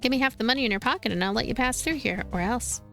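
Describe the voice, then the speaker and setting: A man's voice: extremely high pitch, quick pace, vocal fry, sharp tone, faint music behind, heavily acted. A woman voicing a hungry male crocodile inmate who bullies and threatens. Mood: menacing. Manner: threatening, extorting.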